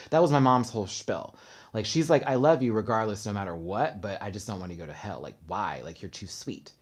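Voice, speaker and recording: A man's voice: deep voice, fast. A man hosts a casual livestream and talks straight to his viewers. He tells stories with energy and acts out the words of the people in them. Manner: animated storytelling, acting out his mother's words. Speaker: host.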